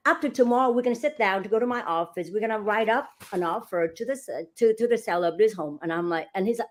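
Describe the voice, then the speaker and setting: Middle-aged woman telling a story in an interview, animated, does everyone's voices, kinda high pitched. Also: fast, a little hiss or hum. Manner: animated, acts out dialogue, laughs while telling. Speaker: real estate agent, guest.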